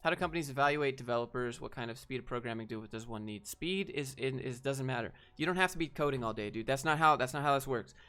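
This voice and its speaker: A man on a casual livestream answering chat questions in a laid-back, low-energy way. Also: quick pace, hardly any pauses, a bit bright, clean tone, faint music behind.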